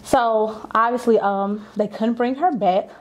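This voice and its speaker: A woman's voice: fairly high pitch, fairly even intonation, a little slow, dull audio. A young adult woman and business owner telling a personal story candidly and conversationally, acting out the voices she quotes.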